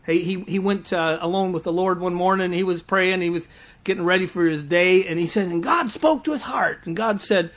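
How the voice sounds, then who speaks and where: A man's voice: sits high, brisk, a bit bright. A male preacher giving a sermon to a live congregation, telling stories with stumbling restarts and teasing laughs.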